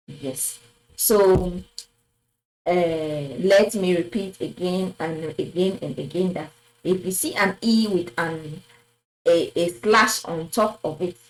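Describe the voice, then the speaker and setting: In a rough recording, a woman with a lowish voice teaches a slow French lesson at a board in a classroom. She patiently repeats words and offers praise with "très bien."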